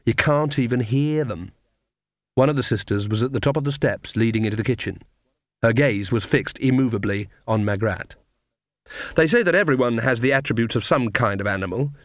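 A male audiobook narrator with a measured, even delivery. His voice is mid-pitched and recorded very dry, with no room sound at all. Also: dry recording. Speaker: audiobook reader. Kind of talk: scripted narration.

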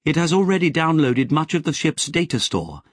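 A man voicing a precise, chattering male artificial intelligence with a crisp, eager way of talking. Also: a little high, big pitch swings, normal speed, dry recording, studio quality, pitched above the performer's own voice.

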